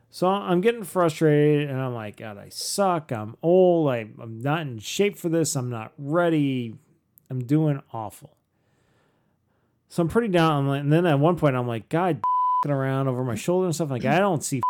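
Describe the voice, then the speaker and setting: A middle-aged man, co-host of a podcast, telling a story casually, animated and self-mocking, with frequent swearing. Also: fairly high pitch.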